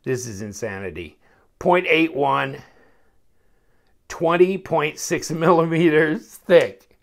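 A man's voice: fairly high pitch, slow, gravelly. A man giving a casual, rambling knife review, chuckling often and interrupting himself as he goes.

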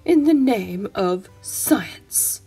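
A woman's voice: medium pitch, lively intonation, extremely slow, dark tone, husky, faint music behind, full character voice. A woman putting on a pompous goat scientist. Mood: lofty. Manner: lofty, declaring, sure of himself. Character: pompous male goat scientist, bossy and grand.

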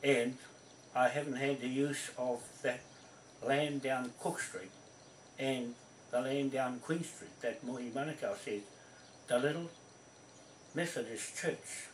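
A man's voice: medium pitch, fairly even intonation, slow, pauses often, slight background noise. Emphatic New man, distant and roomy. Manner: emphatic, accusing, repeats himself. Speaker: land claimant addressing viewers. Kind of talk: rambling accusatory monologue to camera. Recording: roomy echo from a distant mic.

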